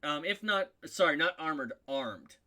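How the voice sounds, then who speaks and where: A man's voice: on the high side, expressive, normal speed, bright, forceful tone. A man narrating a tabletop role-playing game as game master, rambling with many ums and correcting himself.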